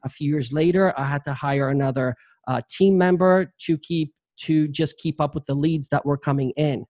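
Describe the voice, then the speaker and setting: A man's voice: a little high, moderate pace, no room sound. A middle-aged man, a real estate agent, telling his career story in an interview and acting out the voices of the people in it. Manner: animated storyteller, acts out quoted voices.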